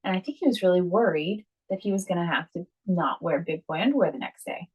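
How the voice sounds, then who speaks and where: A woman co-hosting a podcast, chatting casually and telling a lively story about her kids, acting out what everyone said. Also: fairly low pitch, fast, husky, muffled recording. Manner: animated storytelling, acts out quotes. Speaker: podcast co-host. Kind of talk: casual chat.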